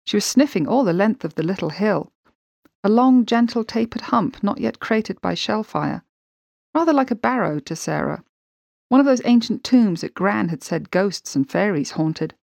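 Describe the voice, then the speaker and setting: A woman narrating a story in a steady, measured audiobook reading. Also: medium pitch, creaky, no echo.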